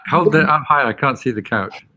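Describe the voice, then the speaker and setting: A man's voice: mid-range voice, brisk, sharp tone. A man hosting a casual chat, asking short curious questions. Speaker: host.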